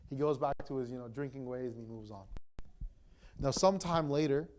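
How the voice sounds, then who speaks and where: A young man, an imam, retelling a story to a gathering in a relaxed, conversational way, full of fillers and restarts. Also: medium pitch, brisk, a little hiss or hum. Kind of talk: casual storytelling talk.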